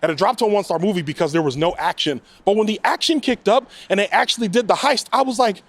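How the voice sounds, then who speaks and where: A man hosting his own podcast, giving a casual, chatty movie review with loud bursts and exasperated asides. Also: high voice, quick pace. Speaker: podcast host, film reviewer.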